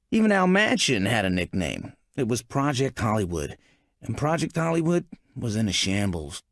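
This is scripted audiobook narration by a man with a medium-pitched voice. He keeps the storytelling measured yet expressive, and the studio-quality recording carries no room sound.

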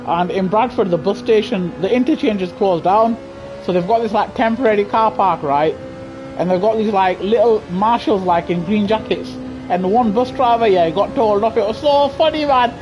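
High-voiced excitable man. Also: moderate pace, background noise. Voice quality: high-pitched voice. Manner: excitable, yelling at the race, laughing often; chatty banter with viewers. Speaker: gaming streamer. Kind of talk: live gameplay commentary.

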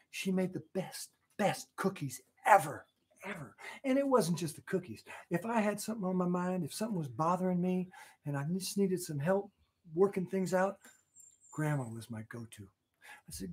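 A man's voice: on the high side, breathy edge. An older man, a grandfather, chatting playfully with children between songs at a family concert. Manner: chatty, playful, talks to kids at home. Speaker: children's entertainer. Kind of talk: family concert talk and song. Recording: guitar playing behind.

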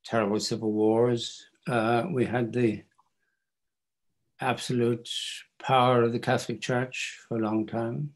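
Wry older author. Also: male voice, mid-range voice, level tone, a little slow. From Ireland. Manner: wry, self-deprecating storyteller. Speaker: author guest. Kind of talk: bookstore event interview.

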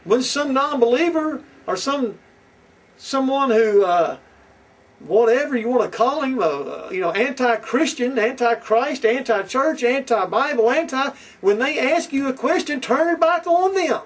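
High-voiced fiery man preaching a sermon. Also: expressive, a little slow, slightly rough. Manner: preachy, repetitive, fiery and confrontational. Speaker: pastor. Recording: distant from the mic.

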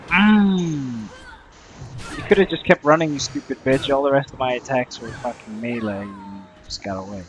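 A man's voice: medium pitch, moderate pace, a little hiss or hum, low-quality recording. A young man giving crude, rambling let's play commentary, swearing constantly and muttering at the enemies he fights. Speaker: gamer playing solo.

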